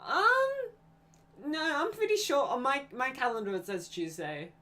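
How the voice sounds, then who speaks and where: A woman's voice: high-pitched, very animated, unhurried, bright, forceful tone. A young woman streaming live, chatting in a rambling, scatterbrained way with frequent giggles and self-corrections. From Australia. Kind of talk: casual rambling stream chat.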